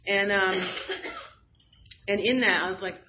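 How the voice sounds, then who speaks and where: Brief: woman speaker, frank testimony, self-mocking, mid-pitched, dull lo-fi recording. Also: steady tone, unhurried. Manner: candid, self-deprecating, laughs at herself. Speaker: speaker sharing at a recovery meeting. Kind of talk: personal testimony talk.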